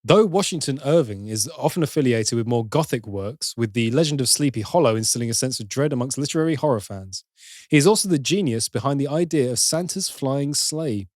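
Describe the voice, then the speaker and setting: A man's voice: mid-range voice, expressive, brisk, darkish tone, no echo, studio quality. Man reading trivia on a podcast. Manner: reads facts aloud, then jokes and swears casually. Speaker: podcast co-host. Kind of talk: casual chat with read-out trivia.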